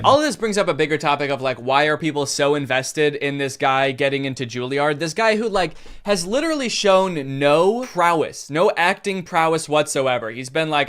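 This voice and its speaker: A man's voice: fairly high pitch, expressive, moderate pace, hardly any pauses, a bit bright, soft background music. A young man giving sarcastic, rambling comedic commentary, slipping into mocking impressions. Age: young adult. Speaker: commentary host.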